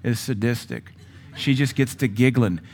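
A middle-aged man preaches with a mid-pitched voice. He surges to loud, emphatic lines, then drops to a near-hush. The delivery is a pulpit sermon. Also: moderate pace, a little hiss or hum. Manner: forceful preaching with sudden loud rises and quiet drops. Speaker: pastor.

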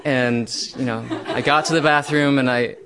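Young male storyteller, mid-pitched, self-mocking, bursts loud when recounting his panic. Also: steady tone, moderate pace, very noisy. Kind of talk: first-person true story.

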